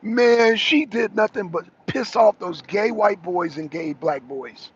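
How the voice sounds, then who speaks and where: A man's voice: high-pitched, a little slow, husky. A man co-hosting a political talk show, giving heated, rambling commentary full of restarts and asides. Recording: dull lo-fi audio.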